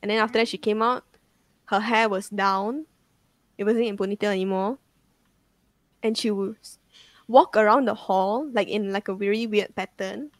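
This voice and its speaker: A young woman rambles through a ghost story on a game stream. She fills every pause with "like" and swears casually. Her pitch sits mid-range, and the sound is dry and close. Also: steady tone, no echo. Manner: rambling, full of "like" fillers and swearing.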